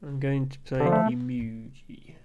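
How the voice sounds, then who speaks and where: A man streaming a word game and chatting casually with viewers in a dry, amused way, thinking aloud with soft chuckles and ums. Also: mid-range voice, animated, slow, vocal fry, lo-fi sound, over loud music.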